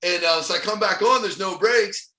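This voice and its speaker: A middle-aged man from Ohio with a fairly high, bright, forceful voice tells stories as a podcast guest. His delivery is animated and casual, often breaking into chuckles, and the recording sits in an echoey room. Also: normal speed. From Ohio, USA. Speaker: motivational speaker, podcast guest. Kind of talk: casual storytelling interview.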